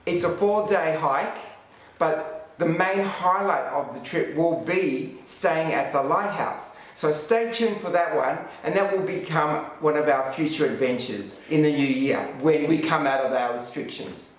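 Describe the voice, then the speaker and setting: A man's voice: fairly high pitch, a little slow. Cheeky Australian man in echoey room. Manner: cheeky, teasing. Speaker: vlog host. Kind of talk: casual chat.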